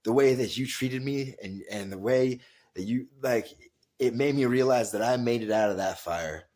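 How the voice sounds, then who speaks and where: A man recounting a distraught woman customer, spoken low and halting. The voice stays subdued and close to the teller's own. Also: darkish tone, natural voice.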